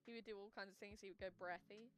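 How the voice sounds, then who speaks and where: A woman's voice: mid-range voice, steady tone, fast. A young woman in her twenties chatting casually on a game development livestream, rambling and giggling through stories, her voice between a girl's and a grown woman's. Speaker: livestream co-host. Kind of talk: casual chat on a game dev stream.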